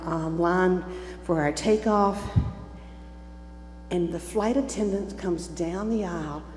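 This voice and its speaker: A woman in her seventies, with a medium-pitched, dark-toned voice, tells a personal story to a church congregation in the sanctuary, acting out the voices of the people in it. The recording has the echo of a church hall with a faint hum.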